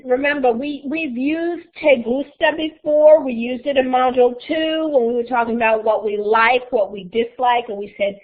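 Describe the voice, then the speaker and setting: Lady teaching spanish on a video call, kinda high voice, patient, tinny audio. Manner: patient, explains step by step. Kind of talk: live online class.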